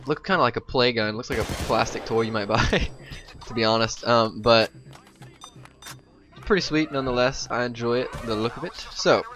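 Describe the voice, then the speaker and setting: A man's voice: medium pitch, normal speed, over music. A young man giving casual, rambling game commentary as a voice-over, full of ums and asides. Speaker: gameplay commentator.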